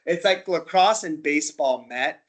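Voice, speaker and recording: Lively American man giving a casual slide talk. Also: a little high, normal speed. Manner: chatty storyteller who acts out little dialogues. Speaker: presenter at an interest group talk.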